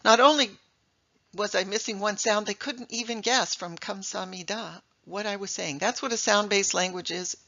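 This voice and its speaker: Bright-voiced woman giving a lively talk. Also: mid-range voice, normal speed, muffled recording. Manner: lively, emphatic, rhetorical questions. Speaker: speaker giving a talk on English. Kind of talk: presentation to a live audience.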